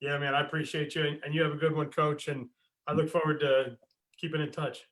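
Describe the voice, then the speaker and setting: A man's voice: fairly high pitch, a little fast. A man from the United States hosting a wrestling podcast, telling stories casually, swearing and laughing as he acts out what people said. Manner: animated storyteller, swears, laughs, acts out voices in anecdotes. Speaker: podcast host. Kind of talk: casual chat.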